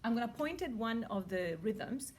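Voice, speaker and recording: A woman's voice: fairly high pitch, expressive, moderate pace, darkish tone, slight background noise. A woman teaching music, talking through how to count rhythms and chanting the beats aloud.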